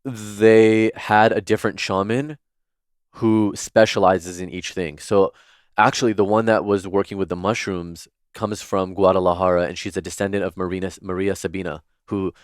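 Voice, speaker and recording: A man with a very deep, smooth, resonant voice tells stories as a podcast guest. He speaks in a chatty, earnest way full of filler words, and the dry close mic picks up no room. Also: steady tone, moderate pace, dry recording. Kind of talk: casual storytelling in interview.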